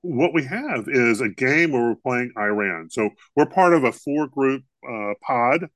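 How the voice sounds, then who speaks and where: A man's voice: medium pitch, animated, measured pace, fairly bright tone, no echo. A man co-hosting a podcast in casual comedic chat, rambling and laughing often. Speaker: podcast co-host.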